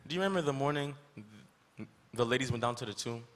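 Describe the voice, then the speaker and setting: A man plays Jesus as a calm, patient teacher with a gentle way of speaking. His pitch sits in a middle range. The voice echoes through a large, reverberant school hall. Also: quick pace, natural voice. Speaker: student actor in a school skit. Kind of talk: stage skit acting. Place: school auditorium.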